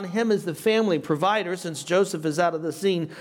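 Pastor guy with a bit of an accent, fairly high voice, chatty bible class teaching, tosses questions at the room. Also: fairly quick, few pauses. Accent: non-native English. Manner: conversational, asks the class questions.

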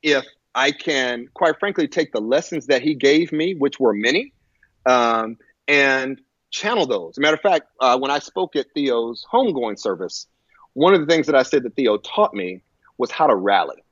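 Guy with a husky voice telling a personal story, lots of ums and restarts, pitch jumps all over, muffled dry sound. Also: lively intonation, fairly bright tone, dry recording. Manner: halting, with many fillers and restarts. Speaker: guest. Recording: muffled lo-fi audio.

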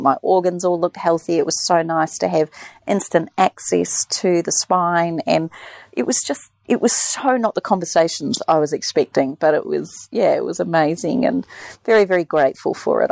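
A woman's voice: on the low side, creaky, a little mellow, no echo. A middle-aged woman, chatting casually and animatedly telling a personal story, acting out the voices of others. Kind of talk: casual chat.

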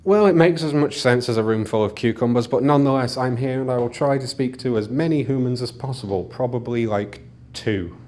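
A man's voice: mid-range voice, a little fast, hardly any pauses, darkish tone. Dry-joking Liverpool man. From England. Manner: dry, self-mocking. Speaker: podcast correspondent. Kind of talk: joking interview chat.

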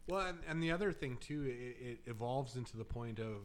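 A man co-hosting a podcast, recapping a comic in a relaxed chat with many restarts. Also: medium pitch, brisk. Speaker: podcast co-host. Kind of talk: casual book-club chat.

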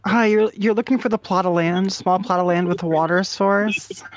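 A woman making prank phone calls, delivering absurd insults in a mock-earnest, deadpan way. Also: medium pitch, normal speed, slight background noise. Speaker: prank caller.

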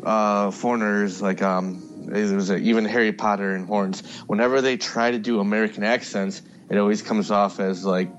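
A man in casual chat about a TV show, retelling anecdotes in a relaxed way. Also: on the low side, moderate pace, hardly any pauses, faint music behind. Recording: dull lo-fi audio.

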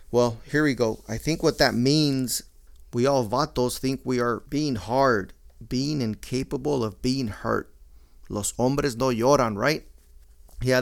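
A middle-aged man, his voice gravelly with fry. He talks in a casual, blunt monologue full of swearing and Spanish slang. His pitch sits in an ordinary middle range. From Mexican-American. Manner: profane, blunt, mixing Spanish slang into English.

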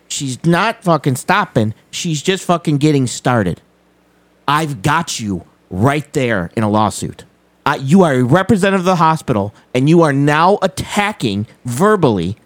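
A man's voice: fairly high pitch, dry recording. Guy hosting a live show, punchy and repeats himself, dry close sound. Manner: emphatic, repeats key points. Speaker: host commenting on a played clip. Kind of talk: live commentary.

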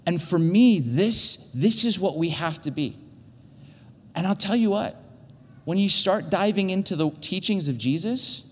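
A man's voice: high-pitched, fairly bright tone. Earnest man preaching in a reverberant hall. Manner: earnest, restarts and repeats words. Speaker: teaching pastor. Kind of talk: conversational sermon.

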